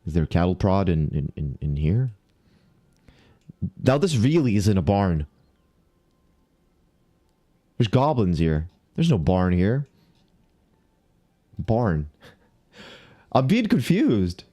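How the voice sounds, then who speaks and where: A man's voice: deep voice, big pitch swings, takes it slowly, pauses often, warm tone. A man livestreaming a game, talking to himself and greeting viewers, mildly exasperated as he searches around. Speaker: streamer. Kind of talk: casual live game commentary.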